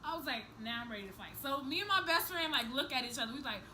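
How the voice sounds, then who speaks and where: Young woman vlogger, high bright voice, animated and profane storytelling, faint room noise. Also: fast, low-quality recording. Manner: animated, profane, acts out each person's lines, laughs through the story. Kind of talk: casual storytelling to camera.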